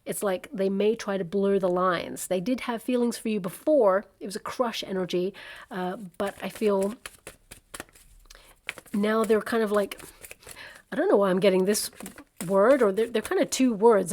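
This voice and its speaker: A woman's voice: medium pitch, a little mellow. A woman giving a casual tarot reading to camera, chatty and reassuring, thinking aloud with plenty of fillers. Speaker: tarot reader.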